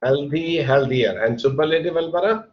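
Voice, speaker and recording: A man with a fairly high voice runs an online grammar lesson at a moderate pace, patiently explaining and spelling words letter by letter. It's recorded on a computer mic during a video call, with dull, lo-fi sound.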